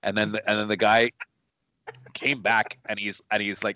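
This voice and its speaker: A man's voice: lowish voice, flat delivery, normal speed, bright, forceful tone, dry recording. A man co-hosting a casual chat, telling a story in a rambling way, repeating words and restarting his sentences. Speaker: co-host. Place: studio.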